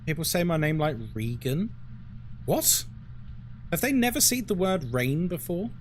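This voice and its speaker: Male horror streamer with a fairly high, very lively voice, chatty and ranty, cursing freely while he plays. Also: brisk, slight background noise. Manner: chatty, ranting, swears and laughs often. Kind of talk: casual live-stream commentary.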